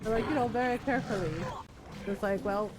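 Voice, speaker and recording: A woman's voice: a little high, a little fast, noisy background. A woman streamer telling a rambling story in casual chat while she plays, giggling often. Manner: chatty, giggly, rambling with restarts. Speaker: game streamer.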